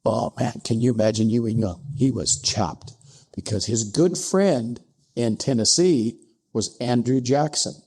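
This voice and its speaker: A man telling a historical story as a podcast guest, acting out the dialogue with sudden rises in pitch. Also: unhurried, darkish tone, slightly rough. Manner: acts out dialogue with pitch jumps, asides like "I'm paraphrasing". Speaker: podcast guest, distillery co-founder.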